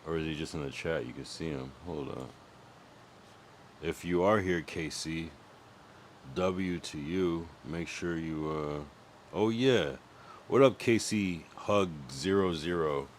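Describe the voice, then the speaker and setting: A young man on a livestream, chatting loosely and cursing freely as he rambles. His voice sits very low. A soft hum of room ambience runs underneath. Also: takes it slowly. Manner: rambling, profane, thinks aloud about music. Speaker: streamer. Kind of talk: casual livestream chat.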